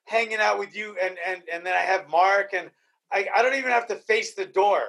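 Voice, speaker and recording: A podcast host in casual chat, emotional and profane, often repeating himself. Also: male voice, sits high, a little fast, vocal fry, a bit bright.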